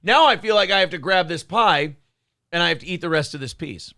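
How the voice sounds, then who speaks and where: A man's voice: high voice, lively intonation, fairly quick, pushed and bright, no echo, studio quality. A man hosting a live morning show, chatting casually and joking crudely while eating on air. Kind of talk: casual live-stream chat.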